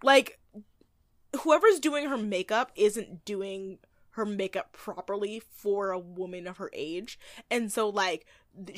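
A woman's voice: medium pitch, fairly bright tone, no echo, clean studio sound. A woman co-hosting a podcast, chatting casually and snarkily about a movie, laughing often. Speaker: podcast co-host recapping a movie. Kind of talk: casual chat.

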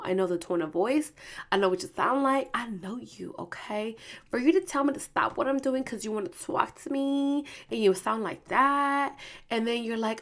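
A young adult woman telling a story in a casual vlog, animated and slangy, swearing freely as she talks to her viewers. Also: on the high side, moderate pace. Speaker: vlogger.

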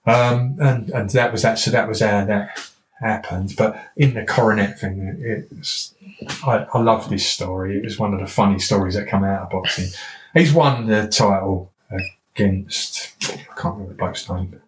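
A man's voice: lowish voice, moderate pace. Man, South East English accent, rambling anecdotes, echoey room, faint hiss. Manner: rambling anecdotes with frequent restarts and quoted dialogue. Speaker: boxing trainer, podcast guest. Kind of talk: casual storytelling. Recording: roomy echo, faint noise.

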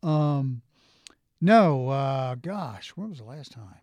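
A man's voice: medium pitch, lively intonation, slow, a little mellow, no room sound, dull audio. A man with an Irish accent, an interview guest telling rambling stories in casual chat and laughing often.

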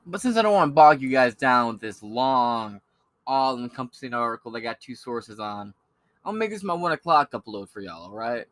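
Bright-voiced young man ranting crudely. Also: medium pitch, sing-song, moderate pace, soft background music. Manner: crude, joking storyteller with a lot of slang and swearing. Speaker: podcast host. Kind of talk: profane ranting commentary.

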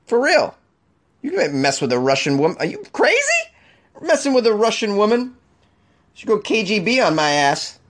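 Comedic weird-news host, male, rambling and jokey, with a fairly high voice. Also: very animated. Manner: jokey, rambling, quick to laugh.

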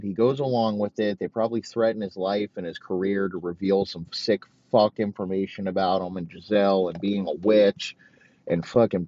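A man hosting a show, delivering a rambling, profane comedic rant full of mock outrage and heavy swearing. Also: lowish voice. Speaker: podcast host. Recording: dull, dry lo-fi recording.

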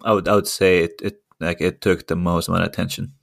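Young male co-host, lowish voice, easygoing and unsure. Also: little pitch movement, fast talker, creaky, no echo, studio quality. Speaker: podcast co-host. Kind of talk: casual chat.

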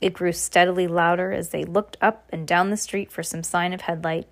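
A woman reads a novel aloud at a steady pace. Her voice sits a little low for a woman. She restarts a word now and then. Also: moderate pace. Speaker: reader.

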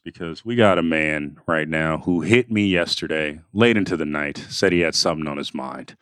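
A man's voice: rumbling low, normal speed, few pauses, a bit bright, smooth, dry recording, clean studio sound. A man co-hosting a sports podcast, chatting casually and playfully and hyping up a segment. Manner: playful, joking, hypes up a segment. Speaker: podcast co-host. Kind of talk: casual chat.

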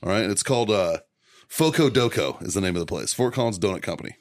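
A man's voice: fairly low pitch, lively intonation, fast. A man co-hosting a casual podcast, telling a heated, profanity-filled story and laughing as he goes. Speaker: podcast co-host. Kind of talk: casual chat, ranting storytelling.

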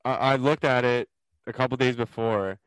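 A young man co-hosting a casual podcast, reacting with frequent laughter and quick interjections. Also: medium pitch, fairly even intonation, clean tone, no echo, low-quality recording. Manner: laughs often, eager interjections. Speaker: co-host.

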